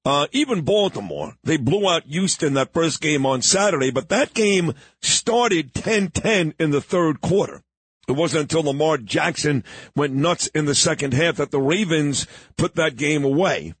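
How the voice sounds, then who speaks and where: A man's voice: on the high side, lively intonation, measured pace, breathy edge, no room sound. A man hosting a morning radio talk show, chatting casually, joking and talking sports. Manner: chatty, joking, coughing at times.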